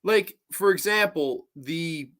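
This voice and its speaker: A man's voice: a little high, slow pace, fairly bright tone. A man hosting a podcast in casual chat, earnest and emphatic, with frequent restarts. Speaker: podcast host.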